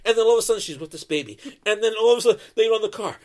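A man's voice: high-pitched, quick pace, hardly any pauses. A man ranting as a co-host on a comedy podcast, profane and fired up.

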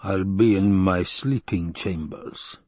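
A man voicing a slow, scheming, gluttonous baron. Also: a little mellow, no room sound. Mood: cold scheming. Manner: slow, low, cold and calculating. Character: scheming, gluttonous male baron, cold and wary. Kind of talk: audiobook character reading.

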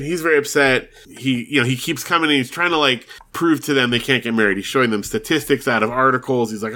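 A man's voice: medium pitch, quick pace, hardly any pauses, sharp tone. A man co-hosting a podcast, casually recapping a TV episode, laughing often and acting out the characters' lines. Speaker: podcast co-host.

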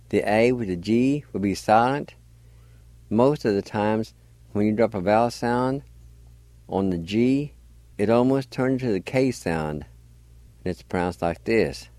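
A man's voice: on the low side, darkish tone, no room sound. A man teaching a language lesson on the radio, patiently spelling words letter by letter and sounding them out.

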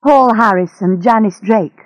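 A woman's voice: mid-range voice, a little slow, dry recording, lo-fi sound, lightly acted. A woman voicing a cowardly male henchman who stammers and pleads, in a storybook reading. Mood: pleading.

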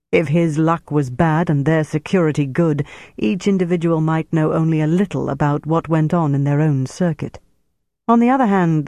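A man narrating a novel as an audiobook in a measured, steady storytelling voice. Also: fairly high pitch, dry recording. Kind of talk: scripted narration.

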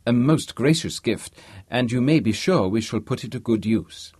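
A man playing a nervous, flustered academic, effusively gracious. It is read in the reader's own slightly husky voice in a dry booth. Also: medium pitch, lively intonation, normal speed, a little mellow, dry recording. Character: nervous, flustered male don.

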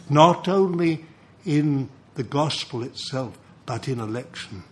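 Slow, lively older male preacher. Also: medium pitch. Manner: animated, chuckles between points. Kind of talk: sermon with storytelling.

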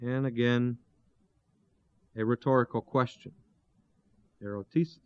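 A man teaching through a Bible passage verse by verse, pausing to explain terms and asking his listeners rhetorical questions. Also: mid-range voice, steady tone, clean tone, no room sound. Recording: dull, lo-fi dry recording.

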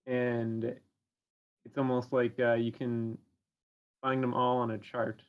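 A man with a middle-pitched, very flat voice chats on a podcast. He gropes for words, filling gaps with uh and um as he works through his ideas. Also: slow pace. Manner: hesitant, full of uhs and ums. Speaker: podcast co-host. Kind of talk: casual chat.

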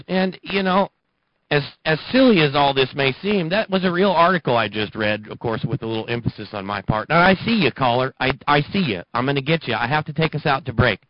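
A man's voice: medium pitch, expressive, fast talker, lo-fi sound. Sarcastic ranting radio host man. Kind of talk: political talk radio monologue.

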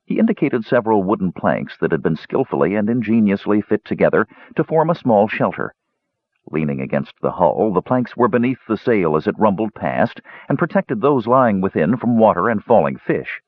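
A man narrates a fantasy audiobook in a fairly low voice with lively, expressive pitch. The recording is dry and dull, with no room sound. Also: normal speed, dry recording. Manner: expressive storytelling.

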